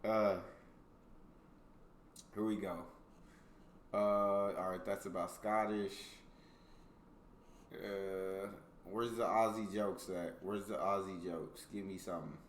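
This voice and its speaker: A man's voice: deep voice, steady tone, takes it slowly, long pauses, echoey room, a little hiss or hum. An American man hosting a reaction video, reading jokes aloud in casual commentary and laughing often between them. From United States.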